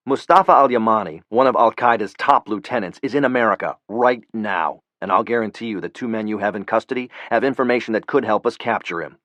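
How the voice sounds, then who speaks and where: A blunt, furious CIA operative, voiced by a male narrator in an audiobook. His low voice carries cold, cursing anger. The sound is dry and close. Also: fairly quick, few pauses, a bit bright, dry recording, close to an everyday voice. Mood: angry.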